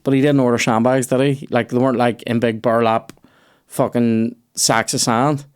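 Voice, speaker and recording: A young man, hosting a comedy podcast and telling a story in a profane, animated way. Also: mid-range voice, moderate pace, smooth. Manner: profane, animated, puts on voices in quoted dialogue.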